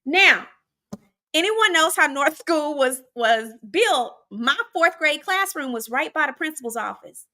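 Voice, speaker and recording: A woman from Arkansas chats through a personal story as host, talking straight to her audience. Her voice sits high and comes across bright and forceful. She keeps it lively and casual. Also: a little slow. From Arkansas, USA. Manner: chatty and animated, often addressing listeners directly.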